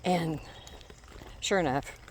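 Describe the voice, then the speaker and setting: A woman's voice: deep voice, takes it slowly, darkish tone, a little hiss or hum. A middle-aged woman telling a rambling story on a walk outdoors, breaking off now and then to call her dog. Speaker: vlogger walking her dog.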